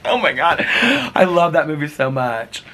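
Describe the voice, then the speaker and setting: A man's voice: a little high, sing-song, a little slow, noisy background. A middle-aged man vlogging in casual chat, rambling from story to story, laughing often and quoting old movie lines. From United States.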